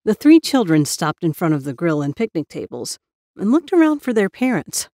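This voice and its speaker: A woman narrating a spooky story in a measured storytelling manner. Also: fairly low pitch, very animated, warm tone, no room sound, studio quality. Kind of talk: scripted narration of a ghost story.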